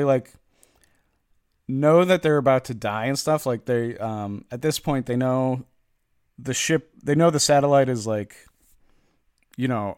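A man's voice: mid-range voice, clean tone, dry recording, studio quality. Chatty man recapping a comic. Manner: animated storyteller, acts out characters' lines, lots of "like" fillers. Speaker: podcast host recapping a comic. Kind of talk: casual chat.

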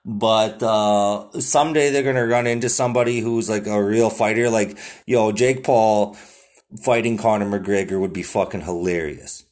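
Profane, rambling young podcast host. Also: male voice, on the low side, steady tone, moderate pace, a little mellow. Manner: profane, rambling, heavy "like" fillers. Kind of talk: casual news-commentary chat.

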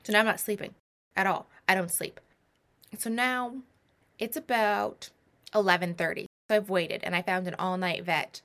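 Animated woman in her twenties telling a story. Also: medium pitch, moderate pace. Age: 20s. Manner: animated, self-mocking, rambling asides. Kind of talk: casual storytelling to camera.

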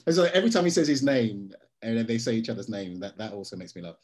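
A man, an actor being interviewed, telling stories in a lively way and slipping into voices for quotes. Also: on the low side, quick pace. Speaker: actor guest. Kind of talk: casual interview.

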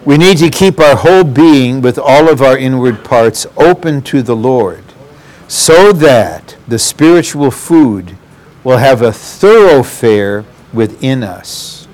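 A man's voice: medium pitch, animated, slow, darkish tone. A man preaching a sermon, earnest and addressing the congregation directly.

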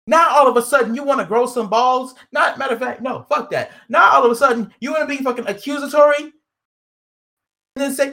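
A woman's voice: high voice, brisk, gravelly, bright, forceful tone. A woman ranting in heated casual commentary, profane, indignant and emphatic.

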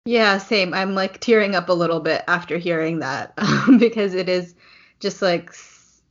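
Lowish-voiced woman host, loose and chatty. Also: normal speed. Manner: warm-hearted, loose, filler-heavy. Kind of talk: casual podcast conversation. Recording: dull lo-fi sound.

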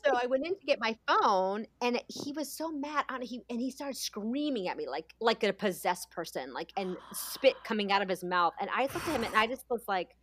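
Animated bright-voiced woman telling stories. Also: on the high side, moderate pace, hardly any pauses. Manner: animated storyteller, acts out voices of her kids. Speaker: podcast co-host. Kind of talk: casual chat.

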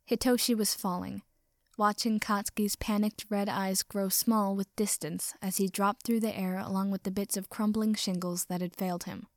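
A woman reading a story aloud with expressive narration. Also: mid-range voice, dry recording, studio quality. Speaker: audiobook reader. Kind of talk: reading fan fiction aloud.

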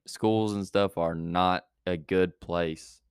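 A man's voice: low voice, steady tone, takes it slowly, smooth, dry recording, clean studio sound. A man hosting a youth church podcast, rambling with many fillers and restarts, then praying. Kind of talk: casual chat and prayer.

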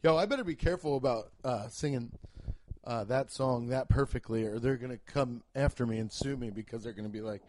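A man's voice: medium pitch, brisk, darkish tone. A man hosting a comedy podcast, rambling through ad reads and bits in a profane, hyped-up way. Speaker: podcast host. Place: home kitchen.

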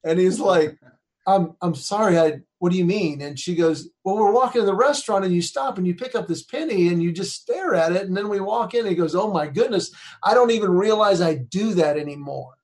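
A man's voice: sits high, fairly quick. Earnest man telling a heartfelt story. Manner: earnest, acts out quoted voices, softens when emotional. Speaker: speaker. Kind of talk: storytelling talk.

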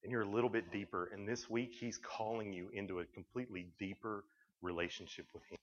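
A man's voice: lowish voice, fairly even intonation, a little fast. Folksy man preaching in stories. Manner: folksy, chatty, acts out dialogue in quotes. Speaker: youth speaker. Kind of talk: storytelling sermon. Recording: dull lo-fi recording.

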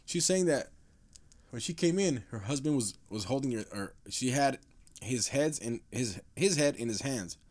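A man hosting a casual podcast, talking in a loose, rambling way. He swears constantly and restarts his sentences as he goes. His pitch sits in a middling range. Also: animated, moderate pace, darkish tone. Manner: profane, rambling, laid-back with frequent restarts. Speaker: podcast host.

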